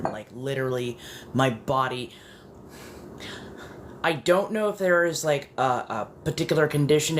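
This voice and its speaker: A tired woman just waking up drifts through a casual livestream chat at a very slow, unhurried pace. She rambles and swears without a second thought. A faint hiss sits under her voice. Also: rumbling low. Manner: blunt, swears freely, rambling. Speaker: livestream host.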